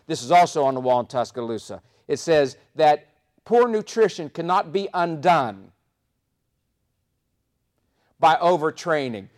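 A man speaking live on stage to an audience as a motivational speaker, telling stories with punchy repetition. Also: sits high. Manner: animated storytelling with punchy repetition.

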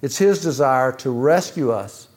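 A man preaching a sermon, asking rhetorical questions in a measured way. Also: medium pitch, lively intonation, a little mellow. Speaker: pastor.

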